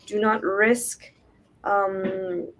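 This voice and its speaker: A woman guest in a casual chat, giving calm, earnest words of caution. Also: medium pitch, extremely slow, low-quality recording.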